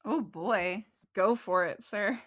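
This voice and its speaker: A woman runs a tabletop game as its game master. She talks in an easygoing, relaxed way, giving rulings and narrating the action at a middling pitch. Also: slow.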